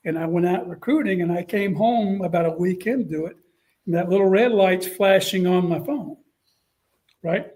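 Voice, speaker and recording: A middle-aged man, a college football coach telling a story in a casual interview and acting out what others said. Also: high voice. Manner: animated storyteller, acts out quotes.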